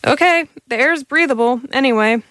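A woman's voice: high-pitched, moderate pace, fairly bright tone, clear, resonant tone, no echo, pitched above the performer's own voice. Woman voicing a callous alien hunter, contemptuous, dismissive, storybook reading, dry sound. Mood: scornful.

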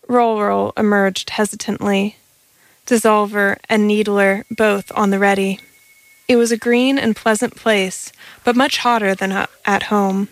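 Woman reading a sci-fi story out loud, mid pitch, few little stumbles, very dry mic. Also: flat delivery, measured pace, dry recording, rough recording. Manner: plain reading with occasional stumbles. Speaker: narrator. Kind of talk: reading a science fiction story aloud.

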